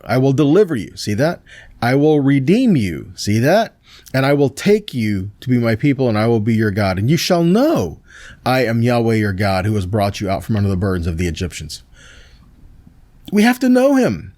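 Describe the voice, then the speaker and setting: A male pastor gives a Messianic Torah teaching, reading verses and explaining them conversationally with fillers and restarts, often checking in with "see that?" and "right?". His voice is medium-pitched with a darkish tone, and there's no room sound.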